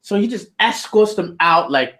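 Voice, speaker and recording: A man's voice: high voice, expressive, moderate pace, bright, forceful tone. A man being interviewed, telling a story in loose, slangy, profane casual talk with lots of "you know". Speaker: interview guest.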